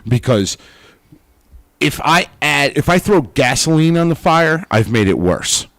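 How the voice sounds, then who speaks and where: A man's voice: fairly high pitch, a little slow, no echo. A man co-hosting a podcast, talking in a casual, emphatic way and telling stories with energy. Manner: emphatic, animated storytelling. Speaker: podcast co-host.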